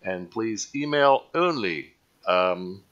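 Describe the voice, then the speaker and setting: A man's voice: on the low side, expressive, slow pace, fairly bright tone, dull audio. A man hosting a live online show in casual chat, rambling and joking at his own expense. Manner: rambling, jokey, self-mocking. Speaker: livestream show host.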